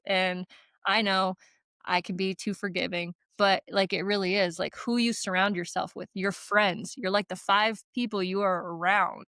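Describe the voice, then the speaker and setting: A woman's voice: mid-range voice, fairly even intonation, moderate pace, a bit bright, clean tone, no room sound. A woman co-hosting a casual podcast who talks bluntly and swears freely, spinning stories in emphatic run-on bursts. She laughs often, punctuating with "like" and "right?". Her voice sounds dry and close, with little room around it. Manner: blunt and profane, storytelling with frequent laughs. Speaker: podcast co-host.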